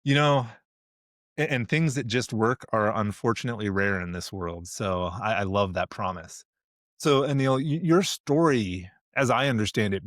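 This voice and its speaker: A man's voice: lowish voice, dry recording, clean studio sound. A man hosting an interview podcast over a video call, asking reflective questions with small restarts. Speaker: podcast host.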